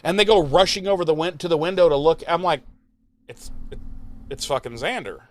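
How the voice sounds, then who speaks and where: A man's voice: fairly high pitch, lively intonation. A man co-hosting a podcast, giving a casual, profane, rambling recap of a TV episode and briefly mimicking the characters. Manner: profane, rambling recap with quick mock voices. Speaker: podcast co-host.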